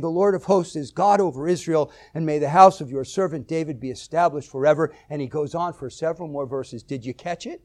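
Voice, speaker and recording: A man preaching a sermon, reading scripture aloud at length and swelling loud on key words. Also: a little high, brisk, hardly any pauses.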